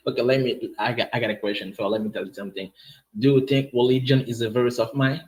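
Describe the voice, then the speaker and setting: A man's voice: medium pitch, steady tone, quick pace. A man from Haiti with a Haitian accent, talking hesitantly and apologetically in a casual online debate, often repeating his words. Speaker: participant in online discussion. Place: online voice chat room.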